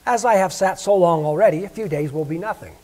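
A man's voice: high-pitched, fast, a little mellow. A man voicing a fussy, proud mother duck who scolds and frets in a raised voice. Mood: fussing.

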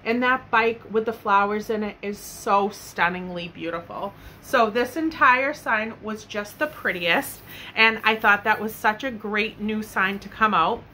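A woman's voice: mid-range voice, a little slow, pushed and bright, slight background noise. A young woman gushing enthusiastically as she shows off her shopping haul, speaking casually from her bedroom at home. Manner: gushing and enthusiastic, many likes and loves. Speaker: haul vlogger. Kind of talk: casual product show-and-tell.

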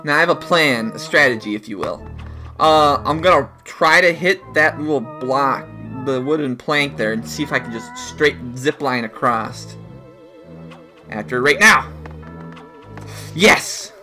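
A man giving live gameplay commentary, excitable and swearing heavily, often yelling in frustration. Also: mid-range voice, a little slow, faint music behind. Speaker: let's play gamer.

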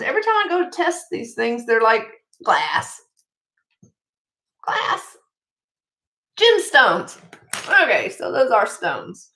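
Bubbly high-voiced woman vlogger. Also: a little hiss or hum. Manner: excitable, gushing, chatty asides to viewers. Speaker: jewelry haul vlogger. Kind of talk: casual unboxing chat.

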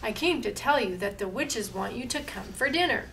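A woman's voice: fairly high pitch, expressive, normal speed, vocal fry, a bit bright, recorded from a distance, a little hiss or hum. A woman doing a knowing, helpful crow. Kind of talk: picture-book read-aloud.

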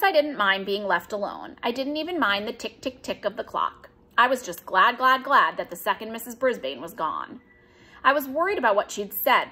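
A woman narrating a children's storybook aloud with an expressive, animated reading. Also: mid-range voice, slightly rough. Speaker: audiobook reader.

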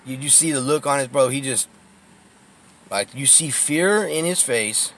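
Driving through the streets he grew up on, a man records a laid-back tour on his phone camera, spinning profane, laugh-filled stories. His voice is medium-pitched and he speaks a little slowly.

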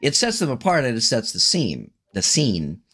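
A man co-hosts a podcast and chats casually about tabletop role-playing. He swears freely and laughs easily. His pitch rises and falls a lot as he gets animated. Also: moderate pace, slightly rough. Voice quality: profane, animated. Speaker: podcast co-host.

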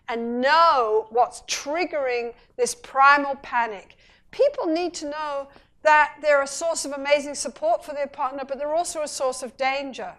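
A middle-aged woman, a couples therapist, giving a public talk and bringing her points to life by acting out bits of dialogue. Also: high-pitched. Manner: animated storytelling, acting out dialogue. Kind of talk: public lecture.

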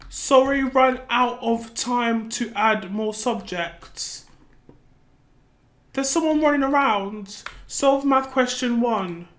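A woman playing a frightened, clueless noob gamer in a comedic gameplay skit, gasping and exclaiming. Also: sits high. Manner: gasping, easily startled, exclaiming.

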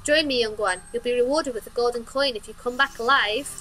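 A woman's voice: a little high, a little fast, pushed and bright, slight background noise, rough recording. A woman voicing a very old, playful creature in a horror game who speaks in rhymes. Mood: mysterious. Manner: sing-song rhyming speech.

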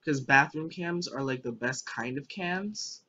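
Over a dull lo-fi recording, a young adult gamer rambles and jokes through let's play commentary, answering back at the game. The voice is mid-range and sharp, with an unhurried pace.

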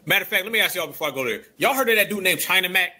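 A man hosting a casual panel talk show, speaking in an animated way and addressing the audience directly. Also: high voice, rapid-fire. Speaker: host.

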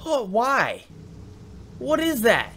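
A young man hosting a let's play, jumpy and shouting when startled, then taunting with slangy mock bravado. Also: very high voice, huge pitch swings, takes it slowly, slight background noise. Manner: mock-brave taunting and slangy banter with viewers. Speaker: gaming video host.

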